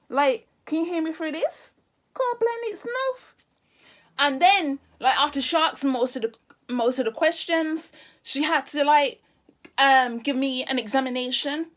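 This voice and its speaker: A woman telling a casual storytime vlog, animated and exclamatory. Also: high-pitched. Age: 30s. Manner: animated, exclamatory, drifts into Caribbean patois. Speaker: vlogger.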